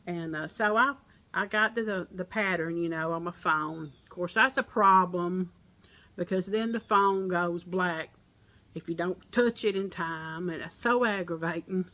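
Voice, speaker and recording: Sitting outdoors on a porch, an older crochet vlogger with a Southern accent talks casually to her viewers in a folksy way, laughing frequently. She speaks at a measured pace in a lowish, bright and forceful voice.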